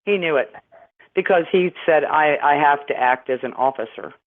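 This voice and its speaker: A woman's voice: low voice, normal speed. A middle-aged woman, a guest on a phone-in interview, telling a long story in a rambling, indignant way with many restarts. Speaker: guest caller. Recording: tinny phone line.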